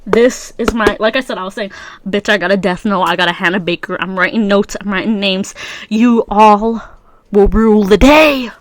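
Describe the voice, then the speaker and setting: On her casual solo podcast, a young adult woman with a stuffy nose rambles along, slangy and filler-heavy. Her voice is mid-range at a normal speed, with slight background noise.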